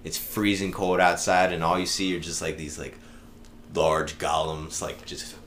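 Young man, very deep voice, casual swearing storyteller, podcast guest. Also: level tone, unhurried, a bit bright, a little hiss or hum. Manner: rambling, swears freely, laughs through stories.

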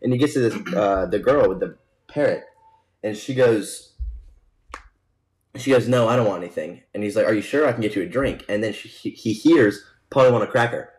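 Low-voiced young man telling a rambling joke. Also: normal speed, a little mellow, poor audio. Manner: rambling, laughs at his own joke. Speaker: podcast co-host. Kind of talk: casual chat, joke telling.

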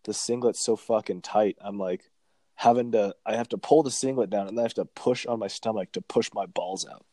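A young man in casual podcast chat who rambles and swears freely. His voice sits fairly low and is recorded dry and close, with no room sound. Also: steady tone, a little fast, warm tone, no room sound. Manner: crude, profane, rambling.

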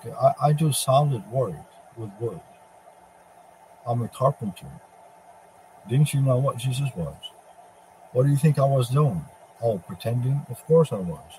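A man with a middle-pitched voice delivers a ranting religious monologue, taunting and profane. He mocks his target, and a faint noise sits behind him. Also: a little mellow, low-quality recording. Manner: speaks in the first person as a divine figure addressing Satan. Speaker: religious preacher.

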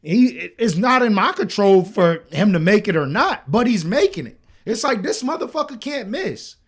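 A man's voice: high-pitched, sing-song, normal speed, husky. A man co-hosting a casual podcast chat, blunt and opinionated, who swears freely and builds his points with long comparisons. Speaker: podcast co-host.

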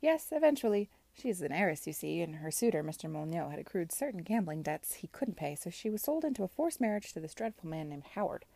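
A woman reading aloud as a young gentlewoman who talks quickly and is flustered, in a storybook reading. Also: high voice, big pitch swings, no echo, heavily acted.

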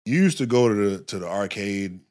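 A man's voice: lowish voice, fairly quick. A man chatting casually on a podcast, telling loose, profane stories full of "yo" and "you know what I'm saying". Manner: loose, profane, animated storytelling. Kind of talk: casual chat.

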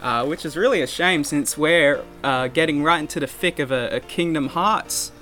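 A man's voice: on the high side, moderate pace, bright, forceful tone, soft background music. A man hosting a casual podcast chat, joking and stumbling through fillers and restarts. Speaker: podcast host.

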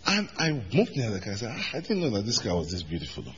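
A man preaching a sermon as pastor, emphatic, jumping from shouted lines to low asides. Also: wildly swooping pitch, fast talker, lo-fi sound, a little hiss or hum. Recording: hall reverb.

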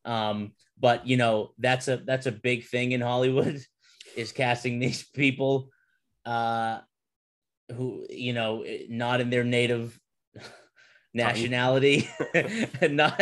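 A young adult man hosting a podcast in casual chat, animated and swearing, laughing between his points. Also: mid-range voice, slow pace. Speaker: podcast host.

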